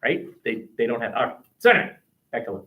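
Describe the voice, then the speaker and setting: A man's voice: medium pitch, big pitch swings, fast talker, phone-quality sound. A man with an American accent teaching a history class, talking in a chatty, digressive way with many restarts. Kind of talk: classroom discussion. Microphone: webcam.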